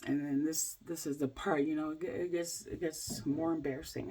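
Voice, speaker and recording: A woman in her forties, a health coach, telling a candid personal story to camera in a halting way, with many fillers and restarts. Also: low-pitched, fairly even intonation, dark tone, slightly rough. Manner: candid, speaks in plain everyday terms.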